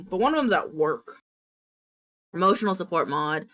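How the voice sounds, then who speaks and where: A woman streamer chatting casually with her viewers, animated and quick to laugh and apologize. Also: lowish voice.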